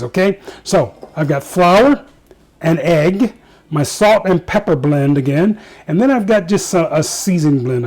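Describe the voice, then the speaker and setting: A man's voice: fairly high pitch, a little mellow. A man hosting a casual home cooking show, chatting to viewers and joking at himself as he cooks in his kitchen.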